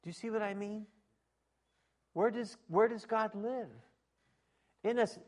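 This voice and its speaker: A middle-aged man preaching a sermon, emphatic, dropping to quiet asides and rising to shouts. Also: sits high, measured pace. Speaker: pastor.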